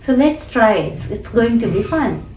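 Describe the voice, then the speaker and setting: A woman English teacher explaining pronunciation deliberately, then repeating phrases to demonstrate. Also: fairly high pitch, big pitch swings, darkish tone, echoey room, recorded from a distance, slight background noise, poor audio. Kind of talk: spoken lesson with demonstration.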